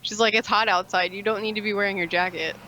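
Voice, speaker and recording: A woman's voice: mid-range voice, fairly even intonation, fast, sharp tone, poor audio. A young woman chatting casually on a stream, giggly and a little self-conscious as she tells her story. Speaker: stream guest. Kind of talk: casual chat on a live stream.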